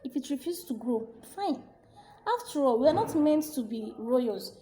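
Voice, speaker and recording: A woman's voice: high-pitched, lively intonation, moderate pace, warm tone, a little hiss or hum. Woman doing a firm, caring poor mother. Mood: reassuring. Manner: firm, reassuring.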